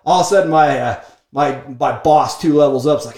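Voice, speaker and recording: A man telling a business story in an energetic, emphatic monologue, peppering his talk with "like" and "okay?". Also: on the high side, fairly quick, creaky. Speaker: speaker sharing business lessons from a book. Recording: echoey room.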